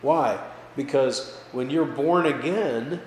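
A man's voice: medium pitch, takes it slowly. A male pastor giving a casual, conversational Bible study, often checking in with his listeners and lifting his voice for emphasis. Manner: casual, checks in with listeners with frequent "okay?" and "right?"; lively, pushes his voice up for emphasis. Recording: echoey hall with faint background noise.

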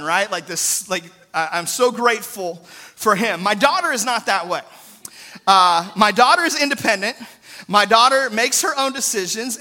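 A man's voice: high-pitched, pushed and bright. A man in his thirties preaching a sermon in an earnest, conversational way, often adding "right?" asides. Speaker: pastor.

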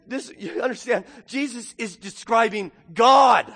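A male pastor preaching a sermon, moving from quiet reflection to loud, emphatic preaching. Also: sits high, moderate pace, long reverb tail.

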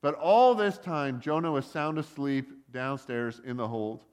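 A man's voice: mid-range voice, animated, measured pace, darkish tone, smooth. A man preaching a casual sermon, retelling a story with joking asides and lots of "like" and "uh". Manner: conversational, joking asides, many likes and uhs. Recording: long reverb of a hall.

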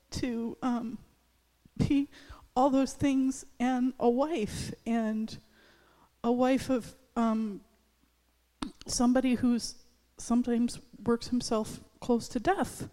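A woman pastor in her thirties gives a halting, heartfelt testimony to her congregation. She talks slowly and restarts often, her voice soft and mellow. The church hall carries a long reverb behind her. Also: on the high side, steady tone. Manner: hesitant, halting, many restarts and fillers. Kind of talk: personal testimony in a church service. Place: church sanctuary.

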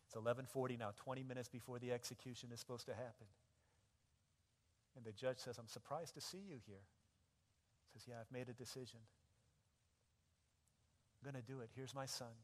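Impassioned preacher in a reverberant hall. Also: male voice, mid-range voice. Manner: dramatic storytelling, builds to loud impassioned shouting. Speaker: pastor. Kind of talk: sermon. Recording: echoey hall with long reverb.

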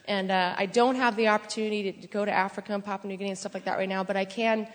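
A woman excitedly telling a testimony story in church, laughing and shouting at times. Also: mid-range voice, very fast. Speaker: church member sharing a testimony. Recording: long hall reverb.

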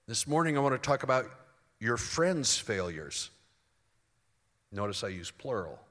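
A man in his sixties preaching a sermon as pastor, talking conversationally with fillers and restarts, moving between soft reflective passages and emphatic points. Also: mid-range voice, very animated, unhurried, in a large hall. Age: 60s.

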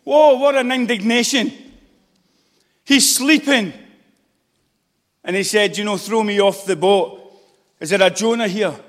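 A man's voice: high-pitched, measured pace, pauses often. A man preaching a fervent sermon in a church hall, pressing his points with repeated calls and exclamations. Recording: long echoing reverb of a large hall.

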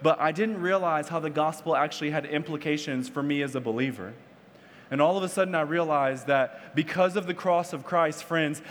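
A young man preaching, telling a story in a lively way, acting out quotes, often saying "like" and "right?". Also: a little high. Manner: animated storyteller, acts out quotes, says "like" and "right?" a lot. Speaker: pastor. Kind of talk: storytelling sermon. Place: church hall. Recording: long hall reverb.

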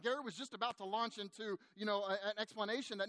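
A man preaching, telling a long story to make his point, animated at times and hushed in the sad parts. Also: high-pitched, fast talker, few pauses, no echo. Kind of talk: sermon storytelling.

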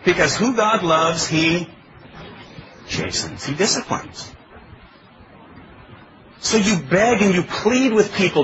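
A man's voice: sits high, animated, slow, long pauses, highs cut off, noisy background. A male pastor preaching a sermon in a pleading, emphatic way, asking his congregation questions. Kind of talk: expository sermon.

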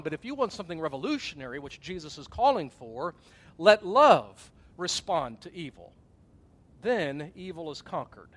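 High-voiced man preaching conversationally. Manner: conversational preaching, acted-out asides and gasps. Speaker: pastor. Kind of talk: sermon.

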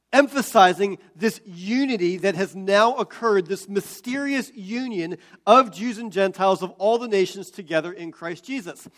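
A man preaching a sermon as pastor, explaining scripture and building to loud, emphatic peaks. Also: sits high.

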